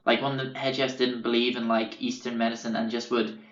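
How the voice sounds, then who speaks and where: A man's voice: mid-range voice, flat delivery, a little fast, fairly bright tone. A young Irish man hosting a podcast, telling stories casually, rambling and swearing with many fillers. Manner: rambling and profane, with many fillers and self-corrections. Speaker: podcast host. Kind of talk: casual storytelling. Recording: roomy, dull lo-fi sound.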